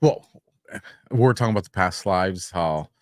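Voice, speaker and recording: Deep-voiced man hosting a podcast. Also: lively intonation, normal speed. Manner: brief prompts and backchannel. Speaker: podcast host. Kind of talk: casual interview.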